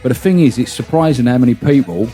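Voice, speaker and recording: A man's voice: medium pitch, fast talker, mellow, faint music behind. A man hosts a podcast, telling a long anecdote in casual chat, swearing freely and laughing as he goes. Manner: chatty, swears freely, laughs through his stories. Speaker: podcast host.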